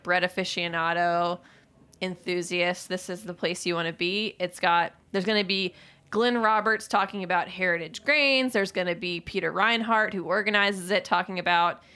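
A woman's voice: lowish voice, pushed and bright, smooth. A young woman hosting a radio show in a studio, chatting casually and laughing often. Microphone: studio microphone.

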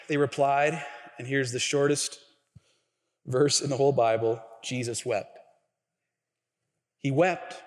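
A man's voice: medium pitch, takes it slowly, long pauses. Man, pastor, sermon, casual filler-heavy delivery, long church hall reverb. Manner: animated storytelling with acted quotes. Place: church sanctuary.

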